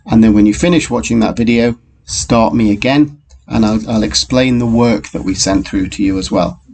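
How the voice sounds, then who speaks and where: A man teaching a recorded phonics lesson to young children, in a slow and patient way, talking straight to the pupils. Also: on the low side, a little mellow, slightly rough. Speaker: primary school teacher.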